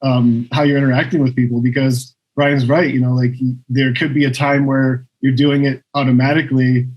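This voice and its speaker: A man co-hosting a podcast, making measured, supportive remarks in casual chat. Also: mid-range voice, flat delivery, muffled recording. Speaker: podcast co-host.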